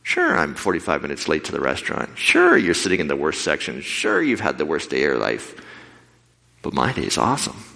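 A man preaching a sermon with lively storytelling, acting out the voices of the people in his stories. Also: very deep voice, fairly quick, gravelly. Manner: animated, acts out quoted voices. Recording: long hall reverb.

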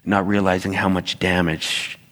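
Male pastor, low-pitched, storytelling sermon voice with animated asides, reverberant church hall. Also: a little slow.

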